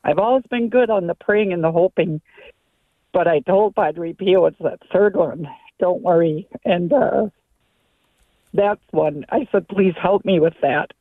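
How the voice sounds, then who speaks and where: A woman in her sixties calling in to a radio show, telling her story in an emotional, rambling, halting way over the phone. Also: on the low side, dry recording. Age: 60s. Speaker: caller. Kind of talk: call-in testimony. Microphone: telephone. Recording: tinny phone line.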